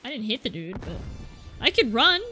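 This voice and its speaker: A young woman giving excitable live gameplay commentary from a room at home, exclaiming and repeating words in bursts. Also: on the high side, normal speed, soft background music. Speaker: gaming YouTuber.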